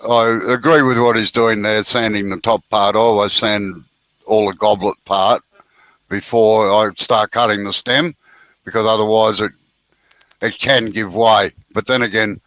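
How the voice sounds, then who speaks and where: A man's voice: fairly low pitch, steady tone, unhurried, a bit bright, poor audio. An Australian man hosting a live woodturning stream, chatting casually and teasing friends while explaining technique. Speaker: woodturning show host.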